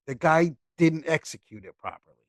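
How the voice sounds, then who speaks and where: A man co-hosting a casual film podcast, often chiming in with short remarks and quick agreement. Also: fairly high pitch, lively intonation, dry recording, studio quality. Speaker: podcast co-host. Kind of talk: casual chat.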